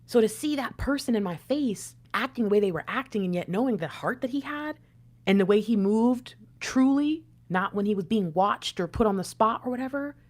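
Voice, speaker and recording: A woman hosting a casual spiritual talk for her viewers, chatty and animated, dropping to soft whispers and rising to loud outbursts. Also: a little high, normal speed. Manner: chatty, frequent fillers and asides. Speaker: spiritual channel host.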